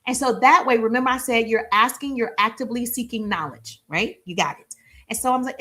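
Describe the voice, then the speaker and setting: A middle-aged woman, a sales and marketing business coach, giving an energetic live-streamed coaching talk that often acts out little dialogues. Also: brisk. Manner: energetic, repetitive, acts out little dialogues with high-pitched voices.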